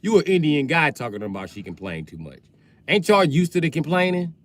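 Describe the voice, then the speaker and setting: A man's voice: a little high, very animated, fairly quick, a bit bright. A man riffing crudely on a livestream, swearing freely as he rants. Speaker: streamer. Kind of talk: profane comedic rant on a livestream.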